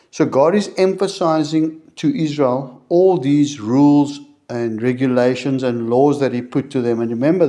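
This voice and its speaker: A man reading a Bible chapter aloud verse by verse, slowing on key words and stopping to explain it in plain terms. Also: medium pitch, warm tone. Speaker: Bible teacher. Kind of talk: reading scripture aloud with commentary.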